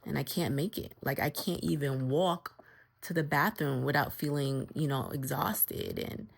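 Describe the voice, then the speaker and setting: A woman's voice: deep voice, steady tone, unhurried, gravelly, breathy edge. A middle-aged woman, speaking in pain and weary in a personal health vlog. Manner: weary, plainspoken, tired. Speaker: vlogger.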